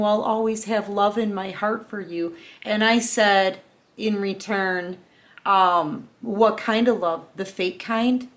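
Woman tarot reader with a middle-pitched voice, heartfelt and chatty, talking straight to viewers. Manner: loose and chatty with fillers. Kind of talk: casual collective tarot reading.

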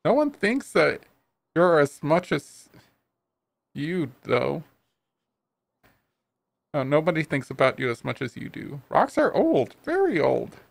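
A man voicing a talking toy tuna in a video game, reciting odd fun facts in a flat, matter-of-fact way. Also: a little high, slow pace, gravelly, pauses often, no room sound, exaggerated voice. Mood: deadpan. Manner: cheerful deadpan fact recital.

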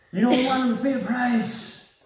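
A middle-aged man preaching a sermon as pastor, telling stories conversationally and laughing along. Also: extremely high pitch. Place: church hall. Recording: echoey church hall, mic at a distance.

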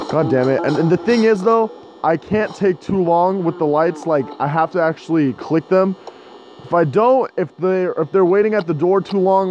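A man giving casual gameplay commentary at home, cursing and getting frustrated as he shouts at the game. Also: fairly high pitch, slight background noise, rough recording. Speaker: gaming video host.

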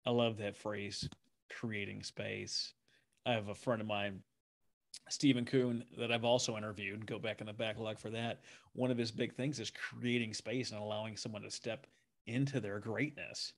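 A man hosting a podcast, talking in a relaxed, chatty way and laughing easily. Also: lowish voice, moderate pace, creaky. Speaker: podcast host. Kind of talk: casual interview talk.

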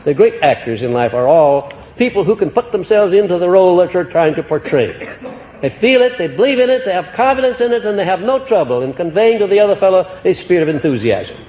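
A man delivers a motivational lecture in a folksy, emphatic way, pushing his voice up high and dropping it again to hold the crowd. His voice sits a little higher than most men's. The archival recording carries a long hall reverb and a faint hiss. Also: sing-song, a little fast, darkish tone. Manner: folksy, emphatic, rising and falling in pitch. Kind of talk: motivational lecture to a live audience.

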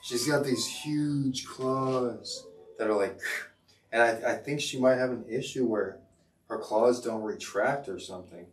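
A man's voice: mid-range voice, unhurried. A middle-aged man, a teacher hosting a casual livestream, rambling with many fillers and restarts. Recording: echoey room, far from mic, music behind.

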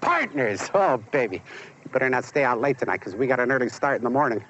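An actor playing a persuasive businessman in the cockfighting world, in a smooth and showy manner. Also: medium pitch, big pitch swings, fast. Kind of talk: film dialogue. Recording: dull lo-fi film sound, barnyard noise.

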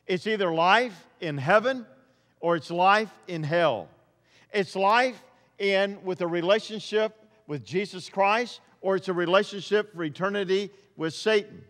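A man preaching a sermon as pastor, emphatic, repeating phrases and swinging between loud and quiet. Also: high-pitched, a little slow, big-room sound.

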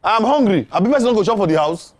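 A spoiled grown son with a Nigerian accent, yelling for his food in a high, strained voice. He is pushy and loud and talks over everyone. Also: expressive, quick pace, faint music behind. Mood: demanding. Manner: shouting, demanding.

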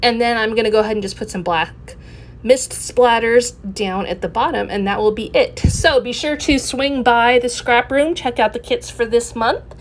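A woman hosting her own scrapbooking channel, talking through her layout in a relaxed, explanatory way with frequent ums. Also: fairly high pitch, moderate pace, slight background noise. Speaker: scrapbooking video host. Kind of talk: casual craft tutorial narration.

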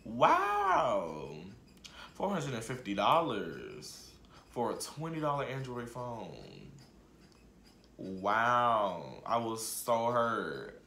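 A man vlogging a storytime in casual slang, swinging from muttered asides to shouted outbursts. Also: medium pitch, wildly swooping pitch, drawn-out words, vocal fry. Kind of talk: storytime vlog. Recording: roomy echo.

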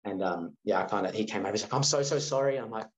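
A lower-voiced man from Australia tells a personal story as a guest in a relaxed interview. He jumps in and out of the voices of the people in his story. The sound is roomy and a bit muffled. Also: quick pace. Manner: animated storyteller acting out quoted dialogue. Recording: roomy, slightly dull sound.

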